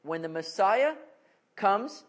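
A man's voice: high-pitched, slow. A man in his thirties preaching an expository sermon in an earnest, conversational way, with family stories as asides. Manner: earnest, animated in anecdotes. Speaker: pastor.

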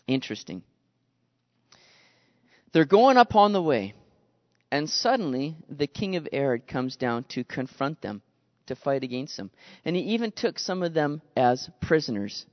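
A man preaching a sermon in an animated way, acting out the voices he quotes. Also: a little high, unhurried, long pauses. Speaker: pastor. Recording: dull lo-fi sound with long reverb.

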